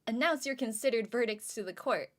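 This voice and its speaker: A woman reading the lines of a stern, formal old male judge in a game, in a measured courtroom manner. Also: a little high, animated, noisy background, close to an everyday voice.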